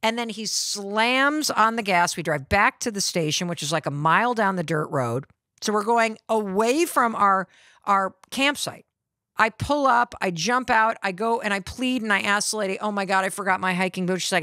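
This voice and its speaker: A middle-aged woman hosting a podcast, telling a personal story with lively acted-out quotes of the people in it. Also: mid-range voice, moderate pace, dry recording, clean studio sound. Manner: acts out quoted voices of family and ranger. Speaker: podcast host.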